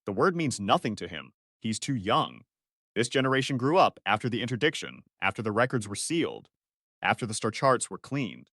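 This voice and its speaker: A man's voice: fairly low pitch, big pitch swings, moderate pace, a bit bright, no echo, studio quality. A man narrating a first-person science-fiction story in clipped, analytical sentences.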